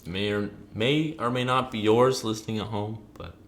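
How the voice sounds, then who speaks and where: A young man co-hosting a casual podcast chat, with a fairly low voice. He is laid-back and dry, mostly giving short reactions and the odd quip. A faint noise floor hums under the recording. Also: moderate pace. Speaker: podcast co-host.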